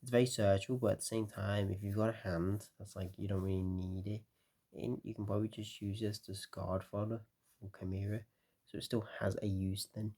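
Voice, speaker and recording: Tired man with a low gravelly voice. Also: fairly quick. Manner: relaxed, rambling, frequent fillers. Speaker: card game deck explainer. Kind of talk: casual deck walkthrough.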